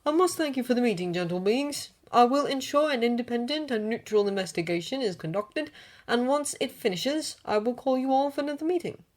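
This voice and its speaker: Woman reading as Obi-Wan Kenobi, smooth diplomat. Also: a little high, expressive, a little fast, a little mellow, pitched above the performer's own voice, natural voice. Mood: diplomatic. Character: male Jedi chancellor, calm and diplomatic.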